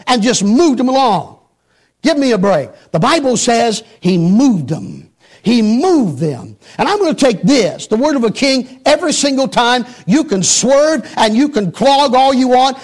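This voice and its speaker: A man's voice: extremely high pitch, expressive, unhurried. A middle-aged man preaching a sermon emphatically, repeating phrases for stress and climbing sharply on rhetorical questions.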